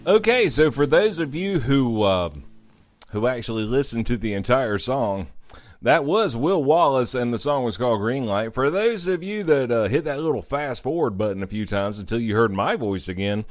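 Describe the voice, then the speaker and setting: A man hosting a radio music show, mocking listener-sent songs with crude, sarcastic jokes and loud outbursts. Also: mid-range voice, lively intonation, normal speed, dry recording, studio quality. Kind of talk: comedic music review rant.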